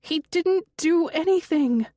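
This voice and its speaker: A woman's voice: high voice, unhurried, darkish tone, dry recording, clean studio sound, voice pushed up. A woman narrator voicing an older mother who shrieks frantically during a night terror in an audiobook. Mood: frantic screaming.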